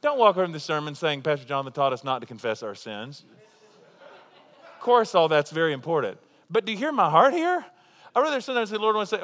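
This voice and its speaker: A male pastor delivers a sermon in a chatty, humorous manner, tossing rhetorical questions to his listeners. His voice sits a little high for a man. A long reverb trails each phrase, as in a large church hall. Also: very animated, fairly quick, long pauses, a bit bright. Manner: conversational, joking, full of rhetorical questions.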